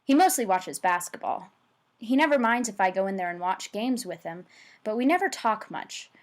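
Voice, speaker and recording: A woman reads a novel aloud in the first person, plain and steady. Her pitch sits in the middle for a woman, even and unhurried. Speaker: reader.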